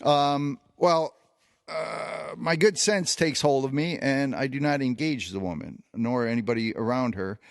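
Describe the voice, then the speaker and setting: A man with a medium-pitched voice co-hosts a podcast, spinning a long personal tale in a loose, casual way. He keeps a measured pace, often filling pauses and restarting sentences, and there's no echo.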